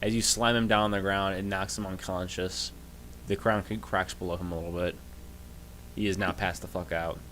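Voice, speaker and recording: A man narrating as game master in a casual, halting way, full of fillers. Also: low voice, flat delivery, a bit bright, a little hiss or hum.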